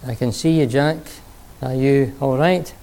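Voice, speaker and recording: A man voicing God as a calm, gently wry figure who gives steady instructions. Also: mid-range voice, measured pace, creaky.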